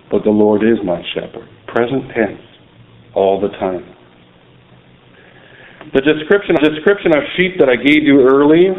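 Man, lay preacher, sermon, earnest and unhurried, fillers and restarts, medium pitch, tinny narrow sound. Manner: earnest, unhurried, frequent "you know" and restarts; slows down and drops low on key words.

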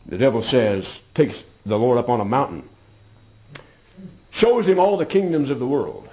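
A man preaching a sermon, emphatic, with loud peaks and quiet asides. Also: mid-range voice, very animated, moderate pace, pauses often, muffled recording.

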